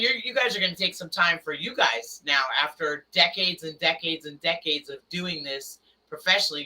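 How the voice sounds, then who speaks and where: A man hosting a casual motorcycle talk show, enthusiastic and quick to act out quoted people. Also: fairly high pitch, bright, forceful tone. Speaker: host. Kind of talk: casual chat. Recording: somewhat distant from the mic.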